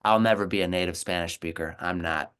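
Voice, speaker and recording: An American man talks in an earnest, encouraging way, often repeating a word to drive his point home. His voice is low and smooth. He sounds like a teacher giving advice in a casual conversation. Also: fairly even intonation, brisk, fairly bright tone. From United States. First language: English. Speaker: co-host, language teacher.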